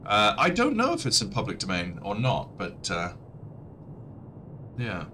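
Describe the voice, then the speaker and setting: A man with a bright, forward voice talks casually through a livestream. He rambles in a chatty way and keeps restarting his sentences as he explains what he is doing. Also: lowish voice, wildly swooping pitch, measured pace, a little hiss or hum. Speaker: livestreamer and audiobook narrator. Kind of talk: casual livestream commentary while playing a flight sim.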